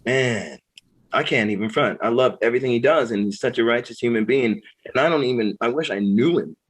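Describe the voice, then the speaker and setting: A man's voice: medium pitch, fast, slightly rough, low-quality recording. A middle-aged man talks as a guest in a casual interview. He tells long stories with a lot of energy, laughs often, and puts on the voices of people he quotes. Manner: animated, laughing storyteller who acts out quoted voices. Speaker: guest, pro skateboarder and musician.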